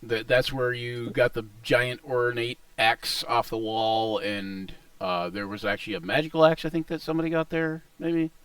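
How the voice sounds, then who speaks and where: A man's voice: medium pitch, normal speed, hardly any pauses, fairly bright tone, clean tone, no room sound, distant mic. A man running a tabletop game as game master, rambling and hesitant. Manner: rambling, hesitant, unsure asides.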